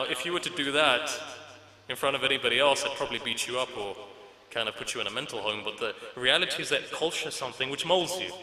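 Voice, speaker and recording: A man's voice: mid-range voice, sharp tone. A man giving a religious lecture to an audience, telling anecdotes in a conversational, humorous way. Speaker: Islamic lecturer. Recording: echoey hall reverb.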